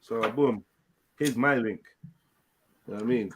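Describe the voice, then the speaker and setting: A man's voice: medium pitch, measured pace, over a noisy crowd. A man on a live panel, mocking and dismissive as he waves off a caller.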